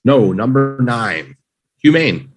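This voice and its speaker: Over music and through poor audio, a man's mid-range voice swings widely in pitch. He's running a live online English vocabulary lesson, slowly drilling each word and cheering his learners on in a playful way.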